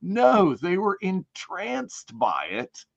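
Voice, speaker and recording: A man co-hosting a casual online panel discussion, talking in an animated, rambling way with frequent restarts. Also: high voice, very slow, gravelly, muffled recording. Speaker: podcast co-host.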